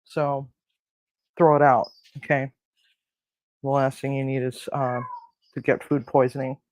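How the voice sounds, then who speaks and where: A man's voice: mid-range voice, flat delivery, measured pace, no echo, low-quality recording. A man hosting a casual cooking demonstration in a kitchen, rambling with crude jokes and lots of fillers. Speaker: cooking show host. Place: home kitchen.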